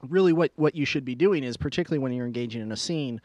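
A man's voice: mid-range voice, rapid-fire, a little mellow, no room sound. A man co-hosting a podcast in casual chat, explaining at length and chuckling often. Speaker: podcast co-host.

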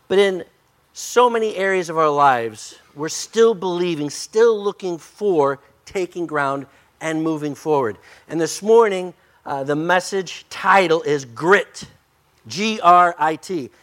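Older male pastor, high-pitched, slightly hoarse. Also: slow pace. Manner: folksy, joking, energetic. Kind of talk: sermon.

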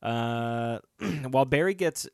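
A man's voice: medium pitch, lively intonation, slow pace, gravelly, darkish tone, no echo, clean studio sound. A man hosting a casual chat, reading out episode summaries and joking, with frequent swearing and laughter. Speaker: podcast host.

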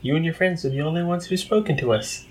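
A man's voice: a little high, fast, voice pushed up, natural voice. A man voicing a wry, sarcastic male military colonel with a dry, teasing delivery.

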